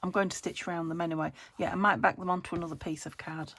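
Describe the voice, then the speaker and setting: A woman's voice: fairly low pitch, steady tone, fast talker, fairly bright tone. A British woman hosting a crafting vlog from her home craft room, chatting as she works, thinking aloud and laughing often. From United Kingdom. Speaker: crafting channel host.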